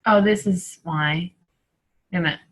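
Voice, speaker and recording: Woman group coach on a video call. Bright, slightly low voice, chatty, thinks out loud. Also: measured pace, low-quality recording. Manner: chatty and rambling, thinking aloud. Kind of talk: casual video call talk.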